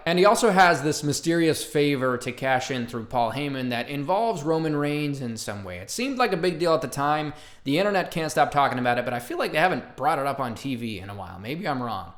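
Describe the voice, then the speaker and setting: Young guy doing a casual solo rundown, jokey, gets hyped now and then, roomy echo on the mic. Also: medium pitch. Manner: jokey, bursts into excited hype. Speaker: wrestling commentary YouTuber.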